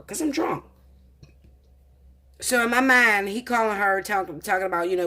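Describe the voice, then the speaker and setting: A woman's voice: medium pitch, normal speed, long pauses, pushed and bright. A woman in her thirties, a tarot reader, telling a personal story in a heated, profane, confessional way. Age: 30s. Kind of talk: casual storytelling to camera.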